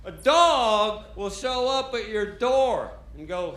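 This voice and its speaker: A brash American comedian rants on a club stage in a notably high voice, swearing freely. The sound is roomy and live, with audience noise around him. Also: male voice, takes it slowly, hardly any pauses. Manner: brash, profane, animated. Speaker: stand-up comedian. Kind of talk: stand-up comedy. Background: audience laughter.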